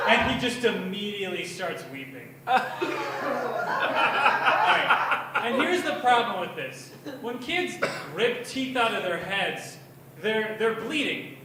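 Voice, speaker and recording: A young man doing crude, self-mocking open mic stand-up in a bar, telling his stories with energy. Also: extremely high pitch. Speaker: stand-up comedian. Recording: echoey bar from far off.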